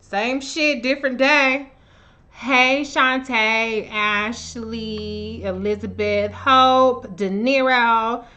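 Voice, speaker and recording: A woman hosting a casual live stream, greeting viewers by name and talking in a blunt, profane, animated way. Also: a little high, extremely slow, muffled recording. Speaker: livestream host. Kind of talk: casual livestream chat. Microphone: own camera on a live stream.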